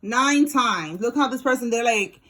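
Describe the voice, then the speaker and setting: A woman giving a casual tarot reading, talking straight to her viewers in a blunt, slangy way with swearing and quick laughs. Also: on the high side, pushed and bright. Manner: talks to viewers directly while pulling cards. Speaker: tarot reader.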